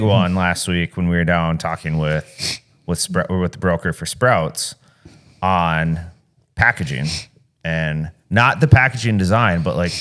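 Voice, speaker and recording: Male host, very low-pitched, easygoing and conversational. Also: a bit bright. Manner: laid-back, steers the talk to business. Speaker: podcast co-host. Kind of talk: casual business podcast chat.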